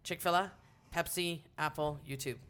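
A woman's voice: deep voice, normal speed, a bit bright, slight background noise. A woman co-hosting a group podcast, exclaiming readily and reading trivia questions out. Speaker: podcast co-host.

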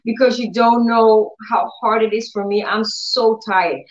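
A woman preaching a faith-healing sermon, telling stories with animated acted-out dialogue. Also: fairly high pitch, unhurried, reverberant, highs cut off. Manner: animated storytelling, acts out dialogue in changed voices.

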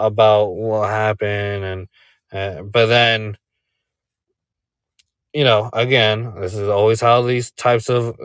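Male co-host, low and unhurried, rambling casual commentary over a call. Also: clear, resonant tone, no room sound, clean studio sound. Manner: rambling, many fillers and rhetorical "right?". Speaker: podcast co-host. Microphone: remote call.

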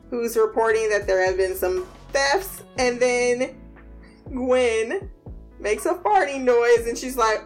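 A woman casually recapping a TV episode, slangy and animated, acting out the characters' lines and laughing often. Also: high-pitched.

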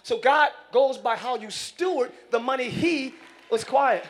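A male pastor preaching a sermon in church, moving from loud shouted lines to quick casual asides. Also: very high-pitched.

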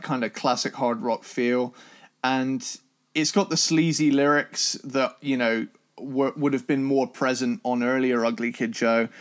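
Man co-host, easygoing album chat, excitable, loose and meandering delivery. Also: mid-range voice. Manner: enthusiastic, rambling with restarts and swearing. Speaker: podcast co-host. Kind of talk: casual music review chat.

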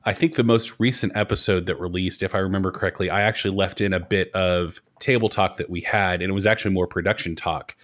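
A low, deep-voiced man speaks as a game master in an easygoing podcast chat. He is self-deprecating and candid. The recording sounds dull and a little lo-fi. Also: fairly even intonation, fast, hardly any pauses, fairly bright tone. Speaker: game master and host of a broadcast tabletop game show. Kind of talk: relaxed podcast conversation.

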